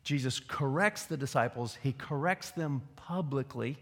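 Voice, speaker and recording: A man, a pastor preaching a sermon in a conversational way, dropping low for asides and rising for emphasis. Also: a little slow, fairly bright tone. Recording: long hall reverb.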